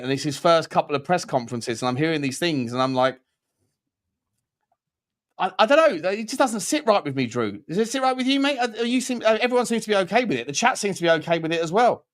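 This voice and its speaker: A man's voice: sits high, lively intonation, fast. A man hosting a casual fan chat show, blunt and opinionated, often stammering and restarting. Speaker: podcast host.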